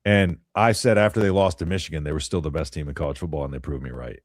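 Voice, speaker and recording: A young man with a very low voice talks college football on a call-in show, rambling and firmly opinionated, often clearing his throat. The sound is close and dry, with little room in it. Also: quick pace, dry recording. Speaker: co-host of a sports call-in show. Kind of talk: casual sports chat.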